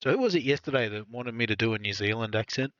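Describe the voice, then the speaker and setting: A man's voice: mid-range voice, expressive, fast, a bit bright, dry recording, highs cut off. A man in his forties, joking and chatting casually with a streamer. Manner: joking, jokingly old-timer teasing.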